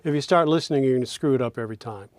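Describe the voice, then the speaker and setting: Slow, demonstrative male teacher, dry sound. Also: mid-range voice, no room sound. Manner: slow, demonstrative, repeats words to show their melody. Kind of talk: recorded lesson.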